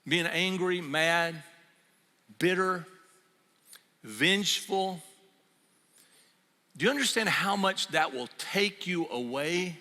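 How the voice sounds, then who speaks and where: An older man preaching a sermon, telling the story in a lively, conversational way. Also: a little high. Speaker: pastor. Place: church sanctuary. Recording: reverberant church hall.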